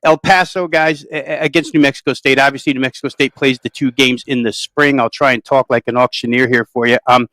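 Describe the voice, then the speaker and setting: A man's voice: medium pitch, steady tone, fairly quick, hardly any pauses, a bit bright, no room sound, poor audio. Thorough, detailed male sports handicapper. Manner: thorough, detailed, long-winded. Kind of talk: detailed betting analysis.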